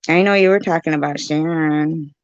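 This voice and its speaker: A woman's voice: deep voice, no room sound, muffled recording. A woman hosting a casual livestream, reading the live chat aloud, confused and pleading with her chatters, often laughing. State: dry mouth.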